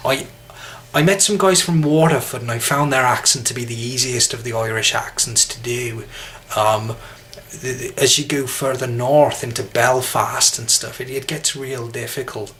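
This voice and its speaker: A man's voice: mid-range voice, steady tone, moderate pace, fairly bright tone, a little hiss or hum. Hesitant English man teaching English. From England. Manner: hesitant, self-deprecating, frequent restarts. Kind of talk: casual talk to camera.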